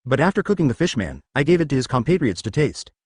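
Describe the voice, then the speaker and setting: A man's voice: mid-range voice, very animated, fast talker, husky, no room sound, clean studio sound. A man voicing a cruel, haughty young noblewoman in a disdainful tone.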